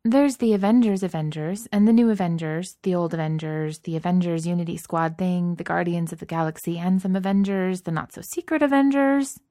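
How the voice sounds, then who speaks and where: A woman voicing a cheerful, chatty rich young heroine who talks in a bright, giggly way. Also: lowish voice, steady tone, fairly quick, few pauses, dry recording, clean studio sound, lightly acted.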